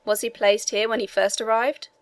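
A man's voice: high voice, little pitch movement, normal speed. A woman voicing a weary, condescending prison inspector. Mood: curious, raised. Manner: tired, faintly condescending.

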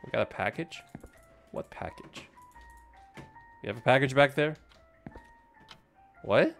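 Male streamer, average pitch, easily startled, talks to chat, faint music bed. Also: lively intonation, moderate pace. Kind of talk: live game stream commentary.

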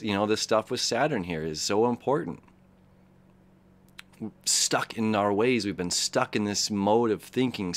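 Earnest man reading horoscopes. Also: lowish voice. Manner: earnest, reflective, with frequent "okay?" and "you know". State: emotional, near tears. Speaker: astrologer host. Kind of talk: casual spoken horoscope reading.

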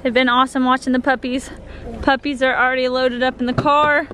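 Young woman, high voice, bubbly vlog chatter, laughs often, faint background noise. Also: level tone, fairly quick, a bit bright. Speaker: vlogger. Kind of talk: casual travel vlog chat. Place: in a car and outdoors at night.

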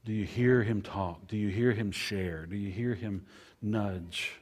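Husky-voiced man preaching with cadence. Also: fairly low pitch, steady tone, unhurried. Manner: preacher cadence, repetitive, swings from loud to hushed. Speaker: pastor. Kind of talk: sermon.

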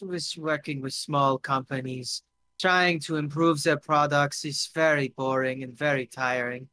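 A man's voice: a little high, sharp tone. A man voicing a drunk, evasive male ex-designer who fumbles for his words in a tabletop game. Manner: halting, hesitant, fumbling for words. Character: tipsy cagey male ex-designer food-truck owner.

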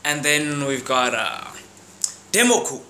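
Young South African man, casual vlog, animated, slangy and profane, fairly high voice, faint hiss. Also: slow pace. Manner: animated, profane, slangy, acts out characters with sound effects. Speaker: vlogger. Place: room at home.

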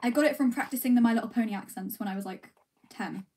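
A woman's voice: fairly high pitch, fast talker, dark tone, slight background noise. A young woman chatting casually on a livestream while eating ice cream, reading comments and answering in a rambling, giggly, self-deprecating way. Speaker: streamer.

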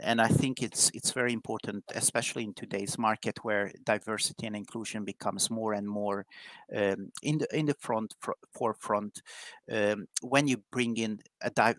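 A man's voice: fairly low pitch, normal speed, fairly bright tone, no room sound, poor audio. A man from Hungary, a guest in a live interview, speaking candidly with frequent restarts. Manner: repetitive restarts, chatty and candid. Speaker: guest, IT professional.

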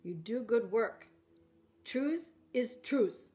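A woman voicing a gentle elderly male spiritual leader who speaks slowly in broken phrases. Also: fairly high pitch, lively intonation.

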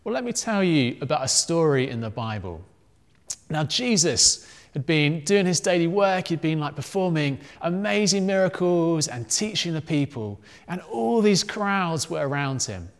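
Guy doing a kids' talk in church, bit high voice, bouncy storytelling, long echo off the walls. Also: moderate pace. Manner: animated storytelling, acting out voices. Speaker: family worship leader. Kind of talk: children's talk.

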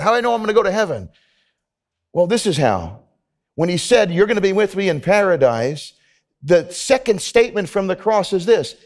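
A middle-aged man preaching a sermon at a church service, talking conversationally and then building to emphatic preaching. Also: on the high side. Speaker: pastor.

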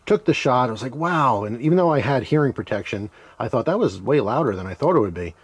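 Man, middle-aged, casual storytelling, husky, chuckling, does little voices for quotes. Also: medium pitch, animated, fast talker, no echo. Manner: rambling, laughs while telling, acts out quoted voices. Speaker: knife channel host.

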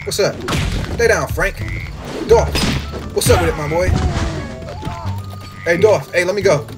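Young dude yelling over a wrestling game, high voice bouncing all over, music going behind him. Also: male voice, measured pace. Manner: excitable, trash-talking, slangy, jumps from mumbles to yelps. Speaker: gaming YouTuber. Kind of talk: casual gameplay commentary.

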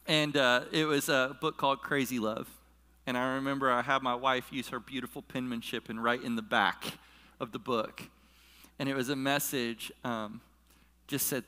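Bright-voiced man preaching in a reverberant hall. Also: mid-range voice, fairly even intonation, normal speed. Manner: emotional, chokes up while telling a story. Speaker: pastor. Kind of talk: storytelling sermon. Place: church hall with a live audience.

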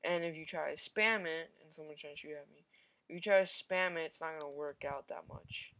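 This is a gamer narrating their own shooter match in a loose, rambling way, thinking aloud and poking fun at their own mistakes. The voice sits at an ordinary middle pitch, with repeated quick exclamations and plenty of ums and likes. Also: bright, forceful tone. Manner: frequent fillers and repeated exclamations. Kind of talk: casual gameplay commentary.

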